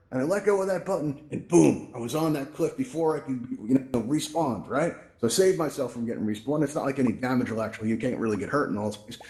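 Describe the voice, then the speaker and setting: This VR event host has a somewhat mellow, mid-range voice. Leading a live instructional walkthrough for an audience in a virtual reality event room, he chats his way through the controls and keeps asking "right?"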